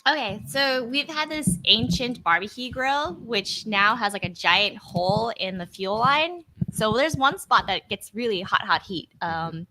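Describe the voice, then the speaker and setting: A woman co-hosting a casual live chat, telling a home story in quick, chatty bursts. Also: on the high side, animated, sharp tone, rough recording. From Los Angeles area. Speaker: co-host of a live stream chat show.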